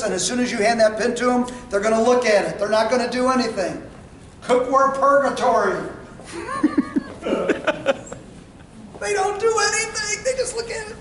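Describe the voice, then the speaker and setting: A man's voice: very high voice, a little fast, a bit bright. A man running a sales training session in a meeting room, folksy in manner, talking without a microphone and acting out what to say to customers. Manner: folksy, role-plays lines to customers. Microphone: without a microphone, away from the recorder. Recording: roomy, distant, faint room noise.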